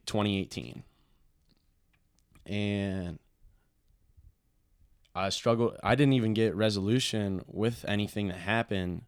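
A young man telling a painful personal story in a casual, halting way, full of restarts and fillers. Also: on the low side, clear, resonant tone. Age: young adult.

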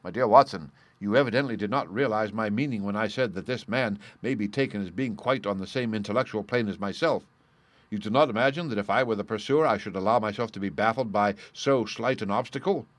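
A calm, commanding detective, as a male audiobook reader puts him on, precise and a touch superior in every line. The voice sits a little low, and the recording is dry and close. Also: fairly quick, dry recording, natural voice. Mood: assured. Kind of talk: audiobook character reading.

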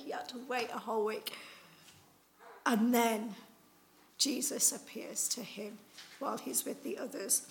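A woman's voice: on the high side, slight background noise, poor audio. A woman preaching an Easter sermon in a chatty, conversational way, acting out the people in the story as she tells it. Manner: casual, chatty with fillers like "like" and "you know".

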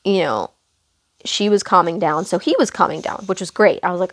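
A young woman hosting a podcast, telling a casual story in a rambling way, correcting herself often and filling pauses with um and you know. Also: fairly low pitch. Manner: rambling, self-correcting, lots of fillers and asides. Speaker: podcast host.

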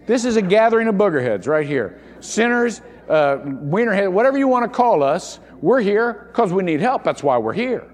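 Male pastor preaching, high voice that swoops up and down a lot, big echoey church hall. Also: very animated, normal speed, few pauses. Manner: emphatic, repeats key words for stress. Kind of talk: sermon. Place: church sanctuary.

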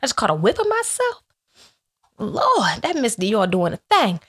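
A woman vlogger in casual faith talk to her viewers, telling animated stories in which she acts out both her own lines and God's replies, with playful asides. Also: a little high, moderate pace.

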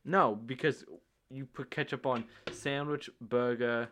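Man, young adult, middle pitch, laid-back, casual chat. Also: fairly even intonation, unhurried, fairly bright tone. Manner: laid-back, hesitant, many fillers.

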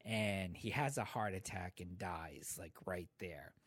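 A man in his thirties casually telling a profane, laid-back story to friends, getting animated when he quotes others. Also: low voice, measured pace, slightly rough, dry recording, clean studio sound.

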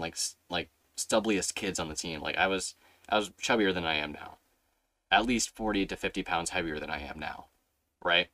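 Low-voiced young man telling a rambling story. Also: fairly bright tone, dry recording. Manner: rambling storyteller, swears freely, acts out his younger self in a higher voice. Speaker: podcast host. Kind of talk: casual chat.

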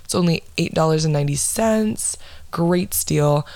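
Low, blunt, swearing young woman. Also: measured pace, mellow, dry recording. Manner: blunt, heavy swearing, dramatic asides. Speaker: podcast host. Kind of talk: casual profane storytelling rant.

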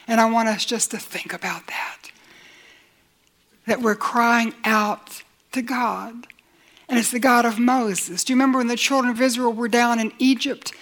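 A woman preaching a sermon in an earnest way, building with repeated lines and sometimes dropping almost to a whisper. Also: on the high side. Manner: earnest, drops to near-whispers for emphasis; builds with repetition and rising lines.

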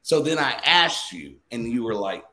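A man telling a story in casual podcast chat, animated and profane, repeating himself for emphasis. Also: mid-range voice, moderate pace, roomy sound.

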